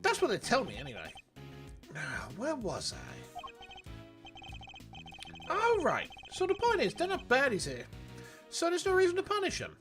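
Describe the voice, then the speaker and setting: Man voicing a cheery animal keeper, high voice, breezy, chummy, very lively pitch. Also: a little slow, pauses often, faint music behind, full character voice. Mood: chipper. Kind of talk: reading game dialogue aloud.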